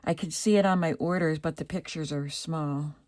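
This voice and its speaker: A woman vlogging casually about her craft supplies, thinking aloud and admiring each item, her voice still rough from the morning. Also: deep voice, steady tone, no echo. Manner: slow and chatty, softly admiring, thinking aloud. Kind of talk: casual show-and-tell vlog.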